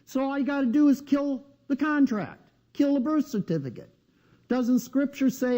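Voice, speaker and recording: A man with a high-pitched yet mellow, dark-toned voice lectures a live seminar. He talks bluntly and needles the room with rhetorical questions. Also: lively intonation, moderate pace.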